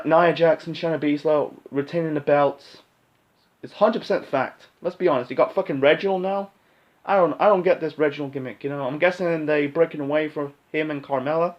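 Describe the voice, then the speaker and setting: A man's voice: fairly high pitch, dull audio. A man casually rambling through wrestling event predictions, blunt and full of fillers and restarts, sometimes swearing. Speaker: wrestling pay-per-view predictions host. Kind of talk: casual solo commentary.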